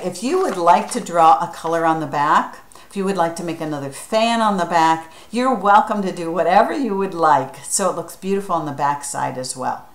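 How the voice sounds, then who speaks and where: A woman's voice: fairly low pitch, reverberant. A woman leading a children's craft tutorial, patient and encouraging, spelling words out letter by letter and asking viewers to follow along. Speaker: children's craft leader at a church.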